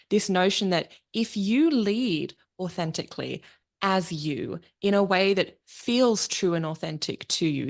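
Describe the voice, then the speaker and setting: A young woman hosting a podcast, chatting candidly and reflectively, laughing easily. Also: on the low side. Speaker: podcast host. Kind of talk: casual interview chat.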